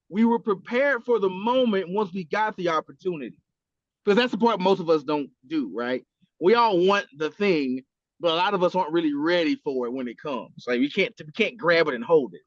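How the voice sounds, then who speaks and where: Here the man's voice is high and fairly quick, with no room sound and a lo-fi quality. He's a podcast co-host chatting casually and animatedly, swearing a lot and acting out what people said.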